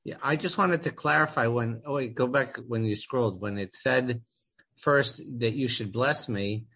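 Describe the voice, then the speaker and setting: A man in a study class, speaking at a medium pitch. He asks for clarification in a hesitant, slightly unsure way. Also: normal speed, bright, forceful tone. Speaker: student.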